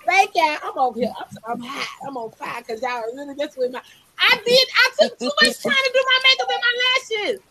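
A woman hosting a casual livestream, her voice riding very high and swinging lively up and down. She teases her guests loudly and laughs a lot, with a sharp, bright edge to her tone. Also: brisk. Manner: loud, laughing, playful teasing. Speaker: livestream host.

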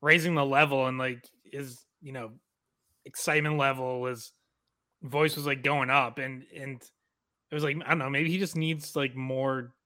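A man's voice: mid-range voice, fairly even intonation, moderate pace, pushed and bright. A man co-hosting a casual sports talk show, hesitant and full of fillers, often trailing off. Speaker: podcast co-host.

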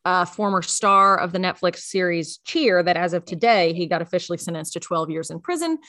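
A young adult woman co-hosting a podcast, chatting casually and telling animated stories with voiced quotes. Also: fairly low pitch, fairly quick, dry recording, clean studio sound. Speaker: podcast co-host. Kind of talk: casual chat.

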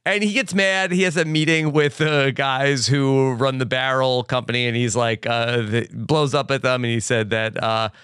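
Smooth, bright-voiced man co-hosting. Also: mid-range voice, fairly even intonation, no echo, clean studio sound. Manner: laid-back, quick asides, quotes movie lines. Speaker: podcast co-host. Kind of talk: casual recap chat.

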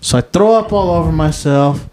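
A man's voice: on the high side, normal speed, a little mellow, a little hiss or hum. Swearing, rambling male storyteller. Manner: rambling, swears constantly, says "dude". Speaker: podcast co-host. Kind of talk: casual storytelling chat.

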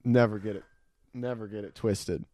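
A man's voice: lowish voice, fairly even intonation, moderate pace, warm tone, no echo. Laughing young man telling crude stories. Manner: laughs often, profane storytelling. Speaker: podcast co-host. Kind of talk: casual crude chat.

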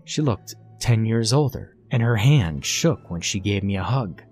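Man, horror narration, low pitch, hushed, faint background music. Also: expressive, measured pace, husky.

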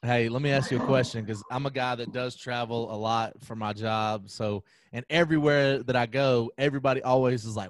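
Male co-host, mid-pitched, dry close recording, easy teasing questions. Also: steady tone, a little fast, few pauses, no room sound. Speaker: podcast co-host. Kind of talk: casual podcast interview.

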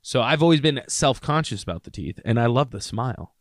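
A man of middle pitch telling a story in a casual podcast chat, jumping into voices for the people he quotes. The sound is dry and close, with no room in it. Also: a little fast, no echo. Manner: animated, acts out quoted voices. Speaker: podcast co-host.

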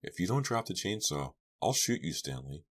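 A man's voice: low voice, moderate pace, voice pushed up, heavily acted. Man voicing a cold, hard-voiced armed woman. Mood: stern. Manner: calm, hard and quiet. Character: cold, calculating woman holding a gun.

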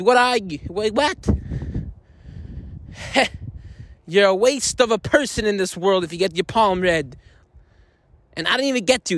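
A man hosting a comedy podcast, telling a rambling, mock-outraged story and laughing at his own jokes. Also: high voice. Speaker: podcast host. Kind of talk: comedic monologue in character.

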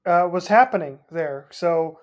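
A co-host of a casual sports podcast, easygoing and amused, laughing along. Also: male voice, sits high, unhurried. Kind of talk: casual chat.

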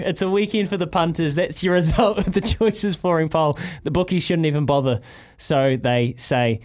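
A man's voice: high-pitched, fairly quick, a little mellow. A man with a New Zealand accent hosting a sports radio breakfast show, joking and laughing as he talks. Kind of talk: lively sports radio banter. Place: radio studio.

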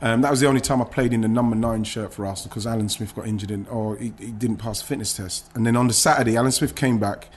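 A man's voice: on the low side, steady tone, fast talker, hardly any pauses, a little hiss or hum. A man, a former footballer, recounting his career in an emotional podcast interview, with many restarts and some swearing.

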